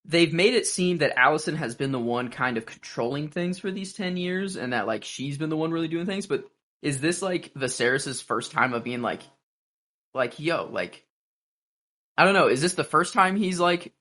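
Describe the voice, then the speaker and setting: A man's voice: a little high, lively intonation, normal speed, bright, forceful tone. A man co-hosting a podcast, musing aloud in casual talk with many fillers. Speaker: podcast co-host. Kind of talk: casual recap chat.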